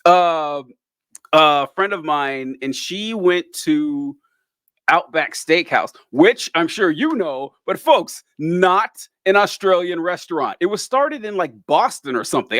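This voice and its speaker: A man's voice: sits high, fairly bright tone, no room sound. Chatty man with a dry close sound. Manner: rambling, laughing, many restarts. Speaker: podcast co-host. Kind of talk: casual chat.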